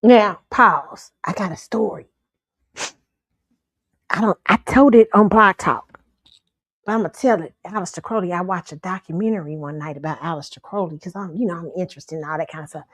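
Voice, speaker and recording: A woman's voice: lowish voice, normal speed, no room sound. Emphatic woman host, dry close mic. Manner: emphatic, insistent, repeats herself. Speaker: show host. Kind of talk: casual storytelling to viewers.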